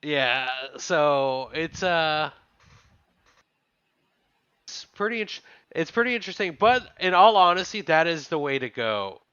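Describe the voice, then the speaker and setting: A man co-hosting a podcast, chatting casually and thinking out loud about an episode. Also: a little high, very animated, measured pace, clean tone, no room sound, highs cut off. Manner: chatty, musing, thinks aloud. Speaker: podcast co-host. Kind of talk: casual chat.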